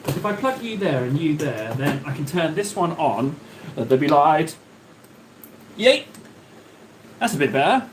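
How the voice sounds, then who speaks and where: A man's voice: a little high, lively intonation, normal speed, a little hiss or hum. A man hosting a live stream, chatting casually and rambling jokily straight to his viewers from his hobby desk at home. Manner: rambling, jokey, chatty, talks to chat directly. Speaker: livestream host.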